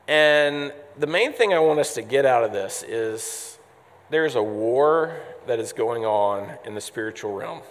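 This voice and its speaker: A man's voice: mid-range voice, animated, unhurried. Man preaching in a reverberant hall. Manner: conversational, frequent ums and restarts. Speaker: pastor. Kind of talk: sermon.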